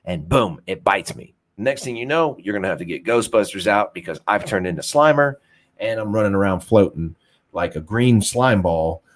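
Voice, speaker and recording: A man's voice: fairly low pitch, lively intonation, moderate pace. A young man hosting an unfiltered talk show, rambling casually, swearing freely and joking at his own expense. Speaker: podcast host.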